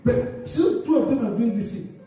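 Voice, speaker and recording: A high, mellow-toned man preaches a sermon and keeps asking his congregation to complete his sentences. He sounds distant from the mic, his voice ringing through a very echoey church hall, with faint music underneath. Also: moderate pace. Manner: call-and-response preaching, asks the congregation to finish his sentences. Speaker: pastor. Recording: echoey hall recorded from far off.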